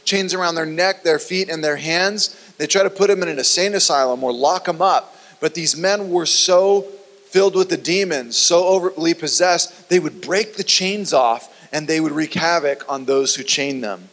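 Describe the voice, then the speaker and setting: A male pastor delivers a sermon at an ordinary pace, telling the story with drama and frequently sinking his voice to a low hush. The recording carries the long reverb of a large hall.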